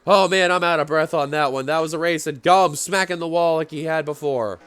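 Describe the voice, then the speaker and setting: A man giving play-by-play commentary on a simulated stock car race, getting excitable as the finish nears. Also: fairly high pitch, a little fast, hardly any pauses, smooth, no echo. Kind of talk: play-by-play sim racing commentary.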